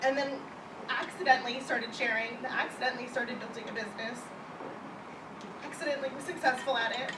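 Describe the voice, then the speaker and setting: A woman's voice: a little high, steady tone, brisk. A woman giving a live seminar talk to an audience, chatty and conversational with self-deprecating asides. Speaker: presenter at a wellness event. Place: event room before an audience. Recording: echoey room, distant mic, background noise.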